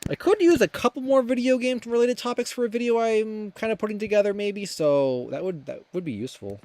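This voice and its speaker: Young male streamer, slightly high voice, loose rambling chat with viewers, many ums. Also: lively intonation, a little fast, a little mellow. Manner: rambling, many fillers and restarts, reads chat aloud. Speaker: livestream host. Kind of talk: casual livestream chat.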